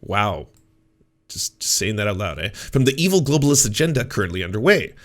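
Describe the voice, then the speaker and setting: A man's voice: fairly low pitch, very animated, fairly quick, fairly bright tone. A man talking casually as a streamer, commenting sarcastically on what he reads aloud, swearing and mocking it.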